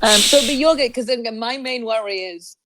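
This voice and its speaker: A woman's voice: on the high side, brisk, a crowd in the background. A woman playing in a tabletop game, asking rules questions, agreeing a lot and laughing. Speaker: player. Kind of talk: casual tabletop game chat. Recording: noisy mic line.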